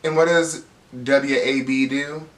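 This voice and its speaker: Dude spilling reality tv tea, doing everyone's voices, echoey room, kinda far from the mic. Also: male voice, medium pitch, takes it slowly. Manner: gossipy and animated, acts out quotes with laughs. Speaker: reality TV recap host. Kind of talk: casual recap commentary.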